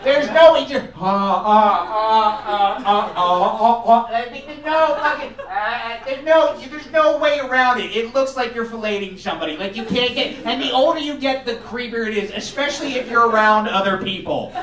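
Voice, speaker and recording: A man's voice: very high voice, moderate pace, few pauses, a bit bright. A man from the United States doing a stand-up comedy set, swearing freely and rambling, laughing at his own lines as he goes. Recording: roomy sound picked up from a distance.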